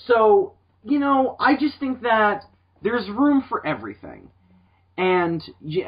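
A husky man co-hosts a podcast in loose, casual chat. His pitch swings up and down as he works through ideas, and he often restarts mid-sentence. The sound is dull and lo-fi. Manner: rambling, animated, frequent restarts. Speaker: podcast co-host.

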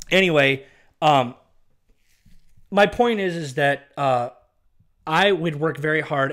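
An adult man speaks in a casual, agitated monologue. He repeats points emphatically and addresses absent people directly. His voice sits a little higher than most men's. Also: fairly bright tone. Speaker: former ministry worker telling his story.

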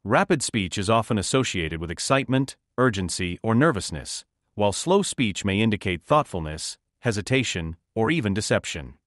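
A man reading a nonfiction audiobook as narrator, in a measured, instructive way. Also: lowish voice, sing-song, dry recording, clean studio sound.

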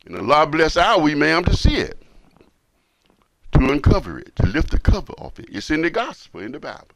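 A man giving a Friday sermon as imam, repeating lines emphatically and asking rhetorical questions. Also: mid-range voice. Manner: swings between hushed and loud, rising to forceful.

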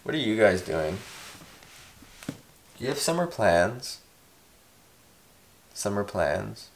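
Rambling, lively-voiced man vlogging. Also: on the low side, slow pace, slight background noise. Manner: rambling, self-deprecating, swears freely. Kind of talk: casual chat. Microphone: clip-on or desk mic.

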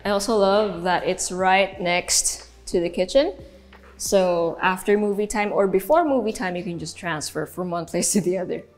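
A woman's voice: lowish voice, moderate pace, faint music behind. Giggly Filipino woman touring a house. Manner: chatty, giggly, mixes in Tagalog. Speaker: real estate tour host. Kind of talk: guided house tour. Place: indoors in a large house.

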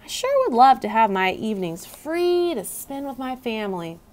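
Woman reading as a male school custodian, easygoing, friendly, cheerful, lively voice. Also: on the high side, normal speed, pitched above the performer's own voice.

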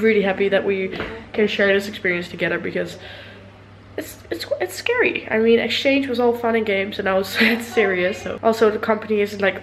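A woman's voice: medium pitch, slight background noise, low-quality recording. A young woman from the Netherlands, giving a casual, giggly vlog tour of a new apartment, laughing often and swearing freely. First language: Dutch. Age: young adult. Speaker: vlogger.

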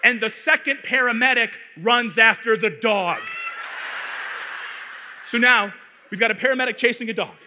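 A man from Arizona, a conference speaker, telling a funny story in a playful, animated way, on a stage microphone in a large hall. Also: very high voice, normal speed, long pauses, background noise. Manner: animated, playful, building comic tension. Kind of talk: comic storytelling talk. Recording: echoey hall reverb.

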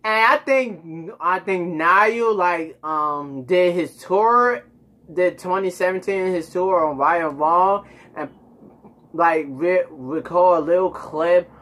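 A chatty man hosts a casual music reaction video, rambling and talking straight to his audience. His voice sits a little high for a man. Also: takes it slowly, a bit bright. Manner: chatty, rambling, addresses viewers directly.

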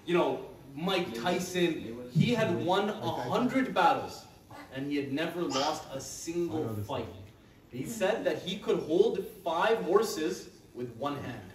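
Animated man telling stories to kids. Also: on the high side, unhurried, crowd noise. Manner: animated, playful, acts out quotes in a hushed voice. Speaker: Islamic teacher telling stories to children. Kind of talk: lively storytelling lesson. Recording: echoey room, from a distance, with noise.

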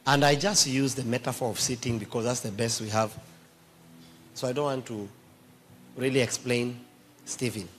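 A man's voice: mid-range voice, fairly even intonation, moderate pace, long pauses, fairly bright tone, slight background noise. A man preaching a sermon, emphatically quizzing his congregation with questions.

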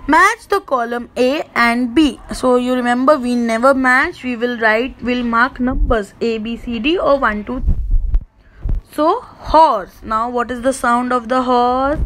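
A woman with an Indian English accent, teaching an online class to young children in a slow, sing-song way. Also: on the high side, a bit bright, a little hiss or hum, low-quality recording. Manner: slow, sing-song, mimics animal sounds for kids.

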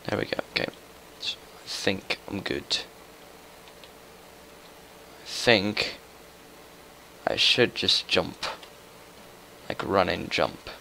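A young man giving casual, chatty commentary while playing a video game, muttering to himself and getting excitable. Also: low-pitched, slow pace, gravelly, long pauses, slight background noise, low-quality recording. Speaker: gaming YouTuber.

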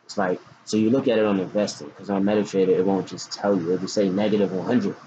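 A man's voice: deep voice, steady tone, quick pace. Joking slangy man on a lo-fi recording. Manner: loose, joking, slangy, hyped outbursts. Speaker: forex trading vlogger. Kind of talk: casual trading talk. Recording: dull lo-fi recording with faint noise.

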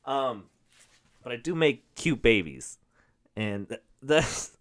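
A man's voice: mid-range voice, lively intonation, slow, fairly bright tone, no echo, studio quality. A man in his twenties hosting a podcast, rambling through crude, self-deprecating stand-up jokes with lots of fillers. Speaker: podcast host and stand-up comedian. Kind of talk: casual comedic monologue.

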